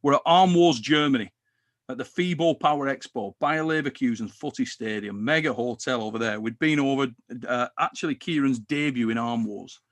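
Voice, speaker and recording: A man hosting a casual chat, animated and quick to swear and tease. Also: medium pitch. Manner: animated, swears, teasing banter. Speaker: podcast host.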